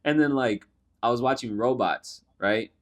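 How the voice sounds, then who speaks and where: A man's voice: mid-range voice, normal speed. A young man co-hosting a podcast in casual chat, retelling comedy scenes with lots of swearing and laughter. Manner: profane, laughing storyteller. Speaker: podcast co-host.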